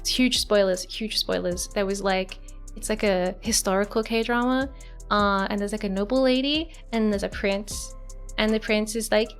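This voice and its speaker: A woman's voice: medium pitch, moderate pace. A young woman streamer chatting casually and rambling through a story, with lots of fillers and giggles. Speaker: virtual streamer. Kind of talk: casual live-stream chat. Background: soft background music.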